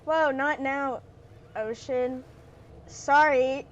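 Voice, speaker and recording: A woman's voice: high voice, steady tone, drawn-out words, highs cut off, heavy background noise. A woman streaming a dating sim, chatting playfully and reading the story text aloud with a lot of giggling. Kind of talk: casual gaming commentary, reading game text aloud.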